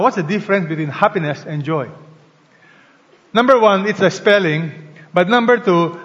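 A man's voice: high voice, a bit bright. A man preaching a sermon as pastor, leading a prayer and prompting the congregation to answer and read along. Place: large church hall. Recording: long hall reverb, slightly dull sound.

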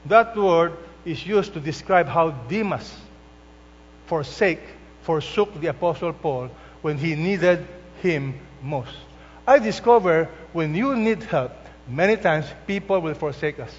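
A man preaching a sermon as pastor, slow and emphatic, drawing out the scripture quotes he reads. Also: a little high, animated. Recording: dull, lo-fi sound with long hall reverb and mains hum.

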